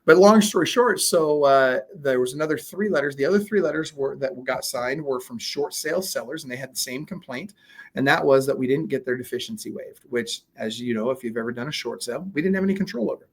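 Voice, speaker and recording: A man being interviewed, telling a story in a casual, animated way, acting out quoted dialogue with lots of fillers. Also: medium pitch, fairly quick, husky. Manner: frequent fillers and restarts. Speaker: guest, real estate coach.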